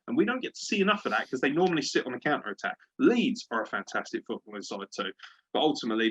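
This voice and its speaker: A man's voice: medium pitch, sharp tone, breathy edge. A man hosting a sports podcast, ranting and swearing at a refereeing decision in casual chat. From Britain. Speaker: podcast host. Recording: dull lo-fi podcast audio.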